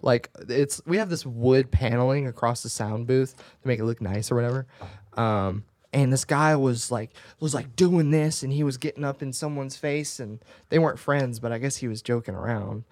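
A man co-hosting a podcast, telling animated anecdotes with laughing asides in casual chat. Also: mid-range voice, moderate pace, no echo. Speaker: podcast co-host.

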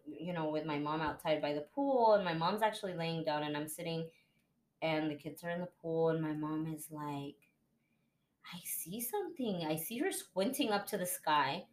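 A woman's voice: sits low, normal speed. A young woman hosting a podcast, telling an emotional personal story in casual chat and acting out the voices of people she quotes. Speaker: podcast host.

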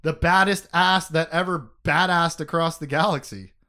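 A man hosting a casual book discussion podcast, animated, laughing often and swearing casually as he reads passages aloud. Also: a little high, moderate pace. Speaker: podcast host.

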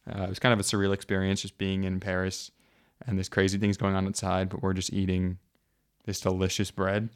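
A young American man co-hosting a podcast, chatting casually in a relaxed, rambling way full of "like". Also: sits low, brisk, smooth. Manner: relaxed, rambling, heavy use of "like". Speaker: podcast co-host. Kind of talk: casual chat.

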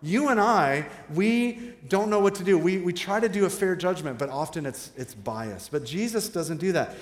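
A man's voice: sits high, lively intonation, moderate pace. A man in his thirties preaching a sermon in a conversational, joking way, asking the congregation questions. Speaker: pastor. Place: large church hall. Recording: roomy hall with long reverb.

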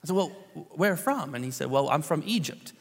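A man in his thirties, a pastor telling a personal story in a relaxed, conversational sermon with many fillers and restarts. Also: fairly high pitch, a little fast, slightly rough. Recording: long hall reverb.

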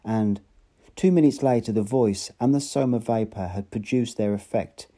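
Dark-voiced man reading aloud. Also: mid-range voice, normal speed. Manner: unpolished reading with slips and restarts. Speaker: narrator. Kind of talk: audiobook reading.

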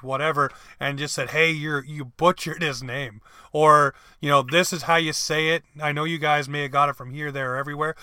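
A man's voice: fairly high pitch, sharp tone, clear, resonant tone, no echo. A man hosting a casual podcast interview who asks long, rambling questions. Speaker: podcast host.

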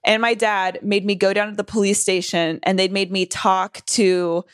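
A young woman from Southern California spins a long personal story in casual chat, full of fillers, restarts and swearing. She jumps her pitch up when she quotes herself. The sound is dry and close. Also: level tone, normal speed, clear, resonant tone, no echo. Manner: rambling, profane, lots of fillers and restarts; acts out quoted voices in higher pitch.

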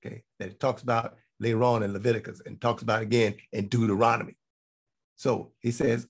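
A man delivers a Bible teaching sermon in a gravelly voice. His tone is husky rather than clear, and his pitch sits in a middle range. He drives each point home by repeating it and asking "okay?" as he goes. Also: level tone, fairly quick. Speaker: teacher of a congregation.

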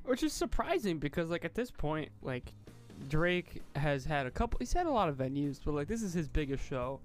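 A young man rambles and giggles through a casual podcast review. His pitch jumps around lively as he talks. Faint music plays behind him. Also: brisk. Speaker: podcast co-host. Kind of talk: casual chat reviewing a sitcom.

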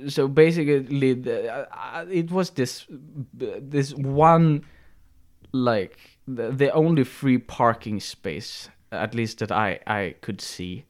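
A man's voice: medium pitch, takes it slowly, darkish tone. A man co-hosting a podcast, telling a story in casual chat with many restarts and fillers. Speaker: podcast co-host.

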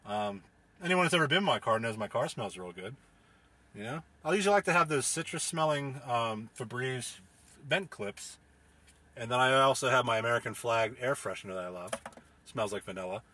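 A man's voice: medium pitch, expressive, fairly quick, sharp tone. A young man, hosting a casual solo podcast from inside his car, rambling, profane and joking. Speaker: podcast host.

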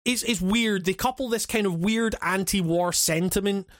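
High-voiced rambling man, dry sound. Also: moderate pace, dry recording. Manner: rambling, profane, many restarts and fillers; laughs often while talking. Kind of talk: casual chat.

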